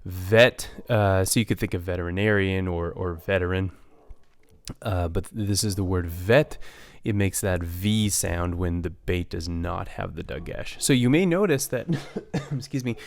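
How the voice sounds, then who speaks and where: A man teaching a recorded language lesson, explaining slowly with many fillers and restarts. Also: low-pitched, creaky. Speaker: Hebrew teacher.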